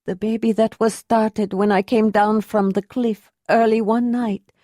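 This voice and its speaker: A proud young woman, wounded but dignified, speaking slowly and deliberately with a restrained, bitter edge and a slightly raised pitch, as a woman reads her. The voice sits close and dry, with no room around it. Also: level tone, warm tone, no room sound, natural voice. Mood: hurt, bitter. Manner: pained, bitter, controlled. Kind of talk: audiobook character reading.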